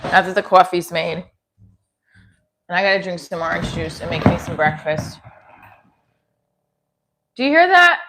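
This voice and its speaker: A woman's voice: on the low side, flat delivery, normal speed, pauses often, heavy background noise. A woman in her forties with a New Jersey accent, chatting casually on a livestream from her kitchen and answering comments aloud. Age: 40s. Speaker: comedian livestreaming. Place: home kitchen.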